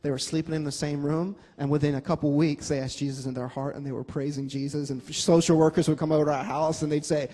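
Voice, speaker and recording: Animated man joking through his testimony. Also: a little high, fast talker, hardly any pauses. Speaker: guest sharing his testimony. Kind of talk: personal testimony talk. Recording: long hall reverb.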